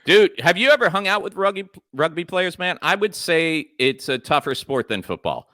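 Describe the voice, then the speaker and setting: A man's voice: a little high, lively intonation, moderate pace, sharp tone, no room sound. A man telling a story in casual radio banter, laughing often. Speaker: comedian co-host.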